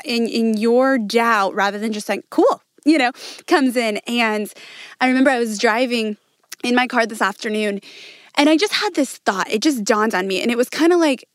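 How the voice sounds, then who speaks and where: A woman's voice: fairly high pitch, no echo, clean studio sound. A woman hosting a faith-based interview, enthusiastic and affirming, acting out inner voices and laughing at her own slips. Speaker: podcast host.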